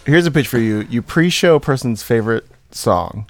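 A man with a middle-pitched voice chats casually on a podcast, telling long anecdotes and stopping often with "like" and "um." The sound is close and dry, with no room around it. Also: lively intonation, no echo. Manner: chatty storyteller, halting with fillers. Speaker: podcast co-host. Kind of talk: casual chat.

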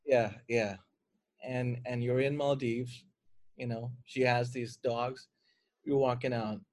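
A man's voice: medium pitch, flat delivery, slow pace, darkish tone. A man co-hosting a podcast in casual chat, rambling through jokey scenarios and swearing freely. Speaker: podcast co-host.

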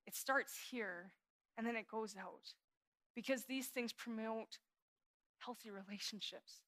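A woman pastor in her thirties preaching a sermon in an earnest, confessional way, dropping to hushed prayer and then rising into animated emphasis. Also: on the high side, a little slow.

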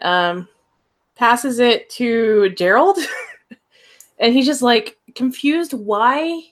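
A woman narrating a tabletop role-playing game as game master, lively and full of fillers and laughs. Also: a little high.

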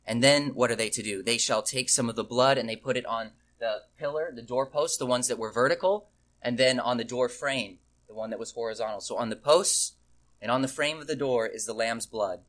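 A man's voice: mid-range voice, fairly quick, a bit bright. A man reading scripture aloud and then explaining it verse by verse, emphatic and repeating key phrases for weight. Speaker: Bible teacher.

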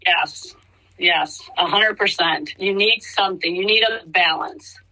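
A middle-aged woman who works as a hairstylist is a guest in a casual interview, speaking in halting bursts with many restarts and lively quoted reactions. Her voice is fairly low, and the recording quality is poor.

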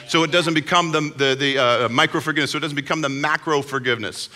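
A man preaching a sermon as pastor, in a conversational, animated way, recorded in a large hall. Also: a little high, quick pace, hardly any pauses. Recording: long hall reverb.

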